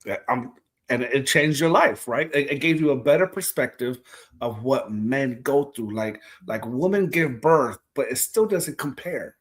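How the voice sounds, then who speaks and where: A man's voice: mid-range voice, unhurried. A man co-hosting a podcast in casual chat, playful and fond of jokey exaggeration. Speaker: podcast co-host.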